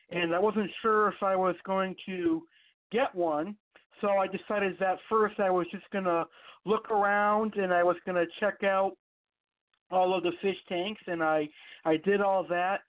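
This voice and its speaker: A man hosting an online radio show, telling a personal story in a rambling, casual way with many fillers and restarts. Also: high-pitched. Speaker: podcast host. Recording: tinny phone-line sound.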